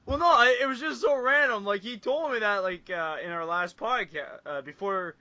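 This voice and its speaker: A man's voice: sits high, moderate pace, bright, forceful tone, no echo, lo-fi sound. A young man from Canada co-hosting a casual podcast, rambling with lots of fillers and breaking into giggles. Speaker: podcast co-host. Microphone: online voice call.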